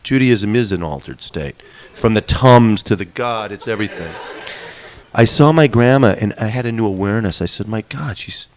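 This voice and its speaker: A man's voice: on the low side, darkish tone. A middle-aged man telling a personal story in a wry, candid way, swearing now and then for emphasis. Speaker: musician and storyteller.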